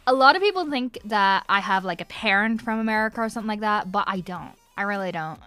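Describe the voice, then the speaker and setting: A woman's voice: medium pitch, expressive, quick pace, pushed and bright, clear, resonant tone, faint music behind. Giggly woman with an Irish-transatlantic accent. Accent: Irish-transatlantic mix. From Northern Ireland. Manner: giggly, effusive, rambling with many fillers. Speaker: voice actress answering fan questions. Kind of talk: casual livestream Q&A.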